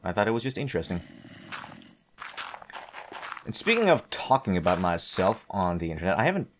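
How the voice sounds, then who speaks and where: Low-voiced man rambling over gameplay. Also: sing-song, a little fast, background noise. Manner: meandering, self-deprecating, hesitant restarts. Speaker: gameplay commentator. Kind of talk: casual rambling let's-play commentary.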